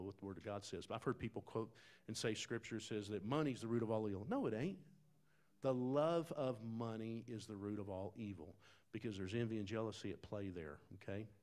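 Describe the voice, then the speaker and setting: A man preaching a sermon in a folksy, conversational way, talking straight to the congregation, dropping to quiet asides and rising to loud, emphatic bursts. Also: medium pitch. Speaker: pastor.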